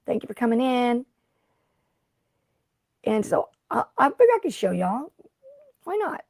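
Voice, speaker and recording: A woman's voice: medium pitch, gravelly, mellow, no room sound, studio quality. A middle-aged woman hosting a casual craft livestream, rambling and chatty as she greets viewers by name. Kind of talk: casual live-stream chat.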